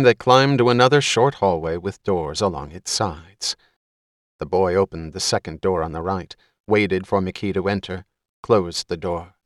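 A man giving steady, measured scripted narration as an audiobook reader. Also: low voice, no room sound, clean studio sound.

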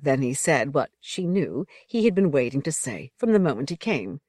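Low-voiced woman narrating an audiobook. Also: very animated, normal speed, a little mellow, husky, no room sound, clean studio sound.

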